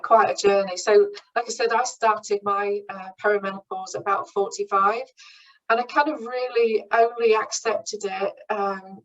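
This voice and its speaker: A woman's voice: mid-range voice, fairly bright tone. A woman in her forties giving a frank, chatty talk from her own experience, with many ums and restarts. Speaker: speaker at a branch meeting. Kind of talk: informal talk from personal experience. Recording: voice somewhat far from the mic.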